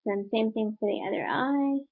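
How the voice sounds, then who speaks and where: A woman talking through a makeup tutorial in a relaxed, rambling way, with many fillers. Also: fairly high pitch, moderate pace, creaky, husky. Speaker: beauty vlogger. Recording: tinny phone-like sound.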